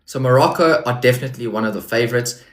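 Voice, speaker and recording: A South African man in his early thirties, joking and teasing his co-host through football podcast chat. His voice sits at a middle pitch. The recording carries a roomy echo. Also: fast talker. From Johannesburg, South Africa. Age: 30s. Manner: jokey, teasing banter.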